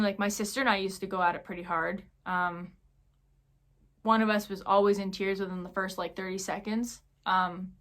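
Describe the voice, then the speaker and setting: A woman's voice: medium pitch, a bit bright. A young woman talking casually in a vlog Q&A, chatty and full of fillers, telling stories with animation. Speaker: YouTuber.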